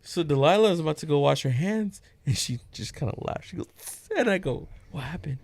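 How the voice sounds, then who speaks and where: A man's voice: a little fast, creaky. A man in his thirties hosting a casual podcast chat, telling stories about his kids, swearing freely and laughing often. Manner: animated storyteller, swears a lot, jumps into high voices quoting his daughter. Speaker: podcast host.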